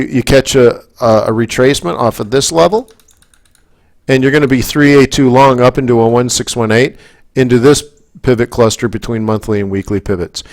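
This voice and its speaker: Rambling Canadian man coaching traders live. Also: medium pitch. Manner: rambling, talks in asides, keeps checking in with the audience; gets worked up and emphatic. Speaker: forex trading coach. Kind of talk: live market commentary webinar.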